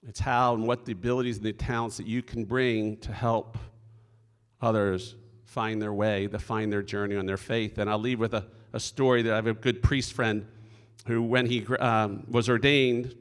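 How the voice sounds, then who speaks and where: A man's voice: fairly low pitch, level tone, moderate pace, clean tone. Middle-aged deacon man, folksy stories, earnest, echoey hall. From Philadelphia area. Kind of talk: sermon. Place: conference hall stage.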